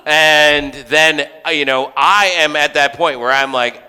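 A man's voice: on the high side, fairly even intonation, a little slow, hardly any pauses, bright, forceful tone, clean tone. A man preaching a sermon as a pastor in a church, conversational, with joking asides and frequent restarts. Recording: long hall reverb.

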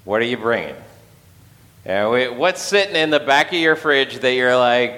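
A man's voice: medium pitch, animated, moderate pace, pushed and bright, big-room sound. A man giving a casual sermon, telling the story conversationally with playful acted quotes. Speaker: pastor.

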